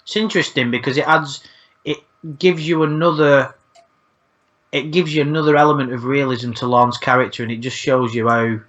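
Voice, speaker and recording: A man's voice: mid-range voice, steady tone, moderate pace, fairly bright tone. A man hosting a casual chat, rambling, swearing often and repeating words as he talks. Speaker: channel host. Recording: dull lo-fi sound.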